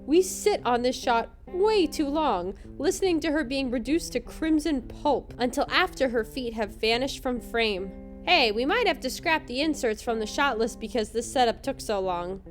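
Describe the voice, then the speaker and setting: A woman's voice: high-pitched, lively intonation, soft background music. A woman hosting a podcast, narrating a scripted comedic recap in a wry, sarcastic way. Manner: wry, sarcastic, quick to laugh. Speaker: podcast host.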